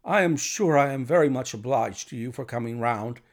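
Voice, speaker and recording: A man's voice: mid-range voice, moderate pace, lightly acted. A man voicing a nervous, jumpy middle-aged man who talks in a jittery, pleading way.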